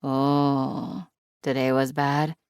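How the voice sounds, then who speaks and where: A woman's voice: deep voice, animated, a little slow, no room sound, studio quality. A woman voicing a bossy older Italian woman with a thick Italian accent, teasing and motherly. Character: bossy old Italian grandmother figure.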